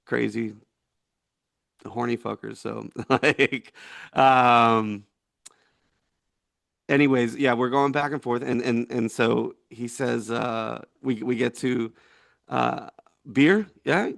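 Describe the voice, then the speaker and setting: A man's voice: mid-range voice, flat delivery, slow, vocal fry, pauses often, a bit bright, dry recording, studio quality. A man in his forties, a veteran being interviewed, telling a story in a rambling, laughing way with many fillers. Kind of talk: casual storytelling.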